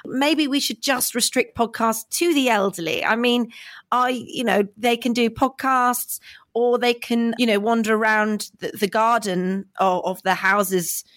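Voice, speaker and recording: A woman's voice: fairly high pitch, fairly even intonation, measured pace, a bit bright. An actress playing a haughty, anti-woke female radio presenter in improvised comedy chat, dismissive and talking over her guest. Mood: smug. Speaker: host of a satirical radio show.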